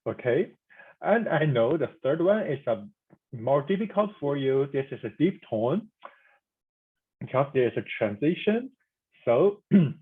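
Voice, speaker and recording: A man teaching a pinyin pronunciation lesson, speaking haltingly with frequent restarts and repeated demonstration sounds. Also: mid-range voice, big pitch swings, slightly rough, narrow, tinny audio. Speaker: language instructor.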